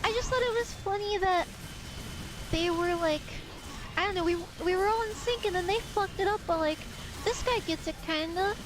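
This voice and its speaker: A woman's voice: very high-pitched, moderate pace, rough recording. A young woman streaming a video game live, joking and swearing as she banters with her chat.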